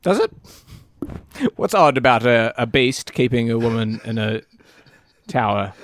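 Deadpan, dry-witted man. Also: medium pitch, unhurried. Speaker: podcast co-host. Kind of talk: casual comedic chat.

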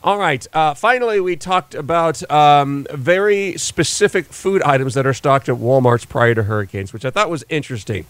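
A man's voice: on the high side, expressive, normal speed, few pauses, clean tone, no echo. Dry-voiced male radio host, chatty. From western United States. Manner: casual and explanatory, with frequent fillers and restarts. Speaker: radio morning show host. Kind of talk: solo radio show recap.

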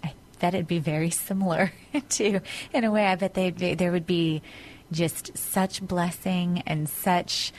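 A woman's voice: fairly low pitch, fairly even intonation, measured pace, a little mellow. A woman hosting a call-in radio quiz show, responding with sympathetic murmurs.

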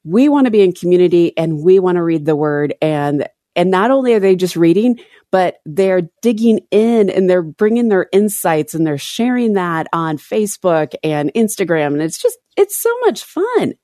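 An upbeat woman co-hosting a Bible podcast, her voice a bit lower than most women's. The mic is close and dry, and she jumps into lively little voices when she quotes people. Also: moderate pace, no room sound. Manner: enthusiastic, acts out voices in quoted lines. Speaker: podcast co-host. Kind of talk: casual Bible reading chat.

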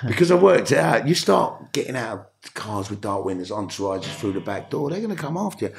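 Gravelly, animated London man. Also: lowish voice, fast talker. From England. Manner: animated storyteller, swears freely. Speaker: actor guest. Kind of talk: casual podcast interview.

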